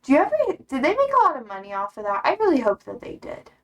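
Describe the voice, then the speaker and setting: A young woman with a slightly high voice chats loosely on a livestream. She reads viewer comments aloud and answers them bluntly. She swears freely and laughs often. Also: huge pitch swings, fast, fairly bright tone. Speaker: streamer. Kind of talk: casual chat reading viewer comments.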